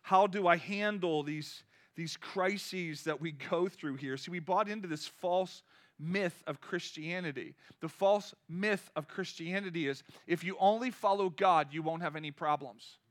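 A male pastor preaching to his congregation, with a high voice. His tone is bright and forceful, chatty one moment and loudly impassioned the next, and he keeps asking the room questions. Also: measured pace. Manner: conversational, rising to impassioned cries. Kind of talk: sermon. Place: church.

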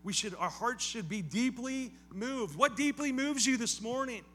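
A man's voice: very high voice, moderate pace, a bit bright, a little hiss or hum. A male pastor preaching a sermon in a conversational style, with casual asides and repeated phrases that build to emphatic calls.

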